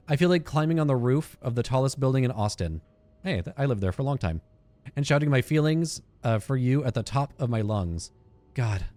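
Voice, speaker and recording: A man hosting a game playthrough, reading in-game letters aloud with fillers and self-corrections. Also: dark tone. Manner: reads aloud with frequent fillers and restarts, drops into a low aside. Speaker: gaming channel host.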